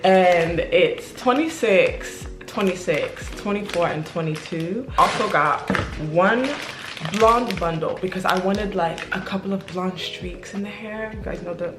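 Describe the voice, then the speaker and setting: A young woman talking casually to camera as a beauty vlogger, chatty and excitable, calling her viewers y'all. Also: fairly low pitch, measured pace. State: out of breath. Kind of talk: casual vlog talk to camera. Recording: echoey room with music behind.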